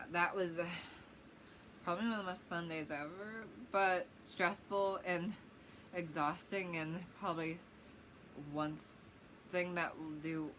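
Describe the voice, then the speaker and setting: A woman's voice: lowish voice, a bit bright, slight background noise, low-quality recording. Giggly young woman rambling through a story. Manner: rambling, giggly, lots of fillers. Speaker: vlogger. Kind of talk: casual story time.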